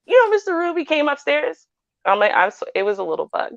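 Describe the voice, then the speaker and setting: A woman's voice: high-pitched, quick pace, vocal fry, no echo, muffled recording. A woman with a Canadian accent, a panelist in a casual chat, telling stories animatedly and often asking "right?". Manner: animated storytelling with frequent "right?".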